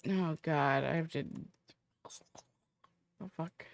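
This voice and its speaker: A woman's voice: low voice, slow pace, gravelly. A woman streamer chatting casually and profanely with her viewers, rambling half to herself. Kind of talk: casual chat to stream viewers while setting up a roleplay character.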